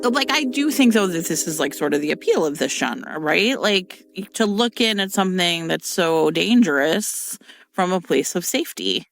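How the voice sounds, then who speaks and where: A woman co-hosting a podcast in casual chat, animated and loose, full of fillers and the odd swear word. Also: fairly low pitch, normal speed, creaky, faint music behind. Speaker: podcast co-host.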